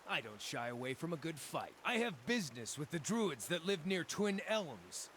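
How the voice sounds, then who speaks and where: A hearty wandering druid. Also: male voice, on the high side, moderate pace, a little hiss or hum. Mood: cheerful. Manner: hearty, lively, well-spoken. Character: cheerful wandering druid man, eats raw meat. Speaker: game companion character.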